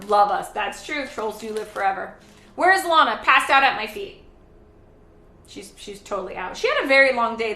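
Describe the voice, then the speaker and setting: A woman's voice: fairly high pitch, bright, forceful tone, echoey room. A woman hosting a casual charity live stream from her home kitchen. She chats while cooking, rambles, and greets viewers and reads their chat aloud.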